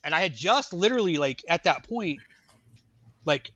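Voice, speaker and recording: A man's voice: fairly high pitch, animated, moderate pace, fairly bright tone, no room sound. A man, an Army veteran and podcast guest, telling his testimony in a casual, rambling way, full of "like" and "you know".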